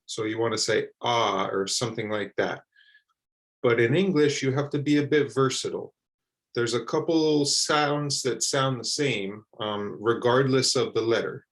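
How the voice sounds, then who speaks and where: A man teaching English pronunciation, repeating words slowly and carefully for learners. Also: mid-range voice, low-quality recording. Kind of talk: slow, deliberate pronunciation lesson.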